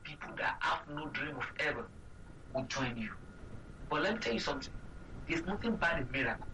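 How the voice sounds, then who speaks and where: A Nigerian-accented man preaches a sermon with a sharp, ringing tone. He drives his points home through repetition and rhetorical questions. He sounds set back from the mic, over a faint hum of background noise. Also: on the high side, lively intonation, a little fast, distant mic, rough recording. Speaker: pastor.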